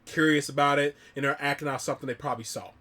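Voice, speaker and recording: A man's voice: on the high side, fairly even intonation, rapid-fire, bright, forceful tone. Guy from alabama rambling thru a childhood story, lots of likes and ums, casual chat. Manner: rambling storyteller with many fillers. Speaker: reaction channel host.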